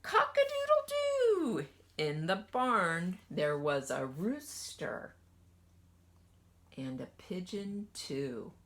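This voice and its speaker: A woman kindergarten teacher gently reading a picture book aloud to children and asking them questions as she goes. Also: deep voice, a little hiss or hum. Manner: slow, lively sing-song storytelling.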